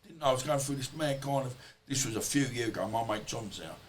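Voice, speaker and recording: A man's voice: medium pitch, lively intonation, fast, slight background noise. A man, a podcast guest, telling stories in a rambling, colloquial way and swearing freely. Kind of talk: casual storytelling interview.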